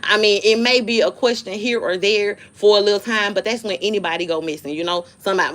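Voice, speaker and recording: A woman's voice: medium pitch, a little fast, hardly any pauses. Blunt, profane woman ranting on a livestream. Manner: blunt, profane, dismissive, animated storytelling. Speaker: livestream host. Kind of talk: casual live-stream rant.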